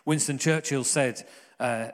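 A man's voice: medium pitch, measured pace, in a large hall. A man preaching a sermon, earnest and conversational, with jokey asides.

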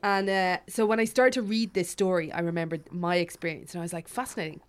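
A woman hosting a chatty podcast, reacting quickly and swearing freely as she tells a story. Her delivery is animated and casual. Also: on the low side, clear, resonant tone. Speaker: podcast host.

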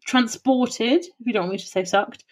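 A woman co-hosting a podcast in casual chat, animated and swearing freely as she spins playful theories. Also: a little high, normal speed, crowd noise. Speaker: podcast co-host.

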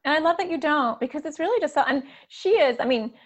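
A woman's voice: sits high, expressive, quick pace. A woman in her thirties hosting a casual podcast conversation, chatty and upbeat, with plenty of fillers and laughter. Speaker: podcast host and community organizer.

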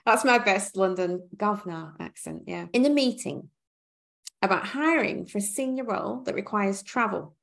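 A woman co-hosting a casual podcast chat, upbeat and quick to react and ask questions. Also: mid-range voice, lively intonation, vocal fry. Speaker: podcast co-host.

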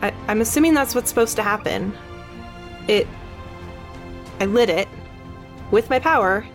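A woman playing a tabletop game, describing her moves in a slow, deliberate way. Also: medium pitch, expressive, faint music behind. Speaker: player.

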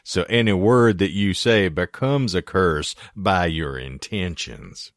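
A man's voice: sits low, animated, slow pace, no echo. A man co-hosting a podcast, making dry offhand remarks in casual chat. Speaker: podcast co-host.

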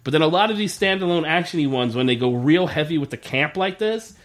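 A man's voice: a little high, expressive, fast talker. A man co-hosting a casual podcast, recapping a TV episode, swearing freely, laughing often and acting out lines from scenes. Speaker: podcast co-host.

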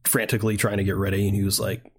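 A man's voice: on the low side, level tone, rapid-fire, slightly rough. A man co-hosting a podcast, chatting casually about a film, laughing often and joking sarcastically. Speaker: podcast co-host. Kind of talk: casual chat.

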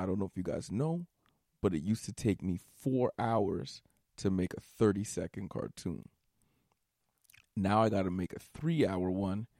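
Gravelly, slow-talking man ranting. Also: fairly low pitch, darkish tone, no echo, studio quality. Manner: exasperated, swears often, breaks into nervous laughter. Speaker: stand-up comedian and podcast host. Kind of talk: solo comedy podcast rant.

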